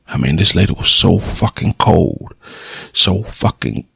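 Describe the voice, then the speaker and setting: A man's voice: sits low, animated, a little slow, creaky, fairly bright tone, husky, no room sound, studio quality. A middle-aged man, a radio show host, telling a personal story in a plainspoken, emotional way, blunt and cursing at times.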